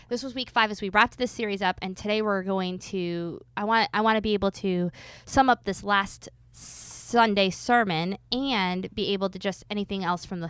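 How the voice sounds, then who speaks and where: A woman hosting a casual church podcast, teasing her co-host in quick banter. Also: mid-range voice, fairly bright tone, smooth, no room sound.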